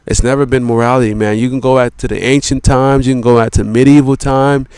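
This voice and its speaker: A man with a smooth, resonant, mid-pitched voice holds forth in a rambling monologue. He swears freely, circles back on his points and slows down to stress words. The sound is dry and close, with no room echo. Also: flat delivery, a little mellow. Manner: profane, repetitive, peppered with "you know" and "man".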